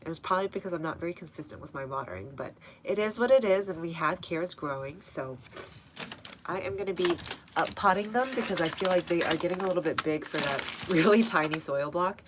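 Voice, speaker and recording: Speaking briskly in a lowish voice over a noisy background, a young North Texas woman runs a relaxed gardening live stream from her front garden outdoors. Her Texan accent comes through as she chats, laughs frequently and responds to viewers by name.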